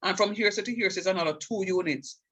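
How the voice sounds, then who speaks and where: A middle-aged man lectures on calculus in a fairly high, husky voice. He keeps repeating his main point for emphasis and often stops to ask whether his students can see it. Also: fast talker, a bit bright, highs cut off. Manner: repeats key points emphatically and checks understanding. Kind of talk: classroom math lecture.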